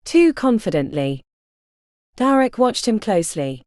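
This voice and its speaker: Expressive woman narrating an audiobook. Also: on the high side, a little slow, no room sound, clean studio sound. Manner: expressive, dramatic storytelling. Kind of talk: scripted narration.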